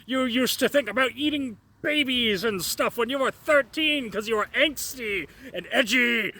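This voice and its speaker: A man putting on the voice of a cocky male demon from hell, mocking it with a slow, drawn-out taunting delivery. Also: very high voice, sharp tone, voice pushed up, exaggerated voice.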